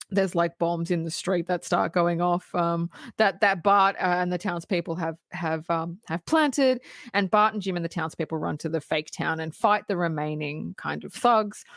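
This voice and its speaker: Animated swearing woman podcast host. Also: mid-range voice, no echo, clean studio sound. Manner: animated retelling, swears, laughs often. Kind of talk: casual film review chat.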